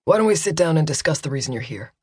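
Woman doing a gruff male teacher, curt, low voice, dry close sound, audiobook. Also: animated, slow, no echo, exaggerated voice. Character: terse grown man, a schoolteacher.

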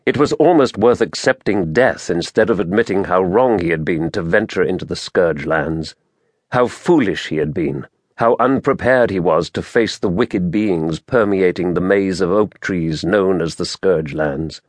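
A man narrating a fantasy audiobook in a measured, dramatic storytelling manner, recorded close to the mic. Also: low voice, no room sound.

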